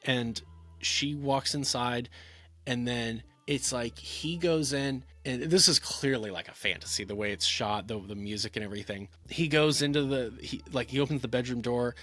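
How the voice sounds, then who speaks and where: A man's voice: medium pitch, moderate pace, a bit bright. A man giving a casual talking-head film review, rambling, with many fillers and restarts.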